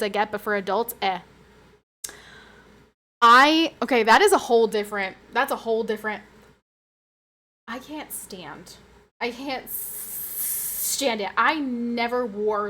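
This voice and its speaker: A woman streamer in a loose, chatty flow, laughing often and now and then breaking into excited high squeals. Her voice sits a little on the high side. She reads her viewers' messages aloud and talks straight back to them. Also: measured pace, long pauses. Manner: animated and giggly, with sudden high squeals. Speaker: livestreamer. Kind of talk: casual livestream chat, reading chat aloud.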